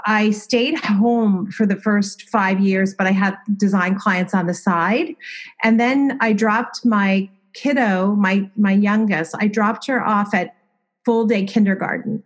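A middle-aged woman spinning stories with candid, self-mocking humor. Her pitch sits mid-range for a woman. She has the easy rhythm of a guest swapping tales in a relaxed chat. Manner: candid, self-deprecating, lively storyteller. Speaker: guest, designer and former TV host. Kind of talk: casual storytelling interview.

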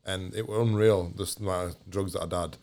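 Bloke, low voice, blunt sweary storytelling, laughs a lot. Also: male voice, steady tone, brisk, darkish tone. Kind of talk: casual storytelling chat.

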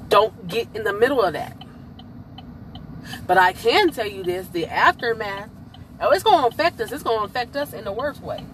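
A woman's voice: mid-range voice, fairly bright tone, a little hiss or hum, rough recording. A woman hosting a podcast, giving her opinions in a blunt, emphatic, profane way. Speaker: podcast host. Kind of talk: casual opinion monologue.

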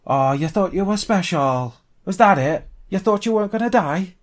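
A man's voice: medium pitch, big pitch swings, normal speed. A man voicing a manic, vicious male dwarf gang boss who cackles and gloats. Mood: gloating.

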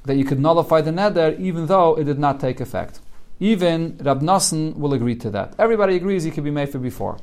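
A man's voice: fairly high pitch, slight background noise. A man teaching a Talmud class in English with Yeshivish terms, translating the Aramaic text line by line and explaining it as he goes. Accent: English with Yeshivish Hebrew and Aramaic terms. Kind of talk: daily Talmud study class.

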